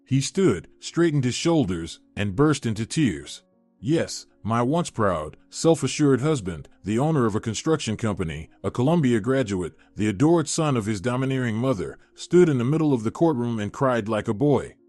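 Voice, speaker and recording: A man narrating a scripted first-person story in an expressive, dramatic way. His pitch moves in a lively, animated arc. The sound is dry and close, with faint music underneath. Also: normal speed, no room sound.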